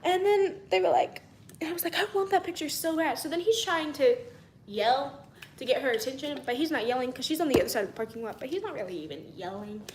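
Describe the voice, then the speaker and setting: High-voiced chatty young woman. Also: sing-song, quick pace, roomy sound, slight background noise. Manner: chatty and rambling, acts out quotes, drops to a whisper at times. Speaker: vlogger. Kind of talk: casual storytelling.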